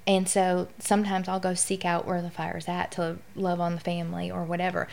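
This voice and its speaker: A woman's voice: lowish voice, completely flat delivery, a little fast, vocal fry, darkish tone. A middle-aged woman speaking candidly and with emotion as a guest in a conversational interview.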